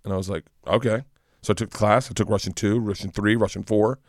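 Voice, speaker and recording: A young American man, a comedian guest telling a wild story on a podcast, swearing freely and acting out quotes loudly. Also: on the low side, quick pace, no echo, clean studio sound. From United States. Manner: animated storyteller, swears freely, bursts into loud acted quotes. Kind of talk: casual podcast chat, storytelling.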